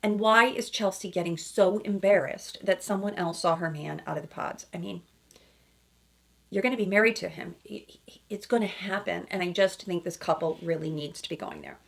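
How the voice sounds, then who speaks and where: A woman's voice: lowish voice, moderate pace, vocal fry. A woman couples therapist giving emphatic reaction commentary, often checking in with asides like "okay?" and "right?". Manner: emphatic, acts out quoted lines in other voices.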